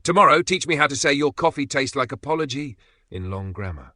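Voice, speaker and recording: A man voicing a restless young man who talks in a quick, teasing way. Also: mid-range voice, sing-song, sharp tone, no room sound, studio quality, voice pushed up. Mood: light.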